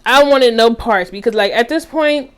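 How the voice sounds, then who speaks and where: A young woman vlogger telling a story in a casual, animated way. She talks straight to her viewers in slang, and her voice jumps high for drama. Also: normal speed. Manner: animated, dramatic retelling with sudden high squeaks.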